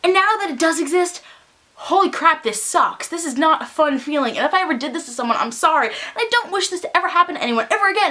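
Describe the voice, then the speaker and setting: A young woman with a high, bright voice chats straight to camera in a casual vlog. She tells her story with animation and acts out what others said in quick bits. Her delivery stays lively and conversational. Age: young adult. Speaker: vlogger.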